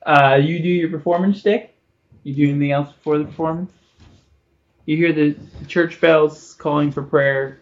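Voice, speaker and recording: A man narrating as game master of a tabletop game, animated and full of fillers. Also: fairly high pitch, normal speed. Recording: dull lo-fi recording, faint music.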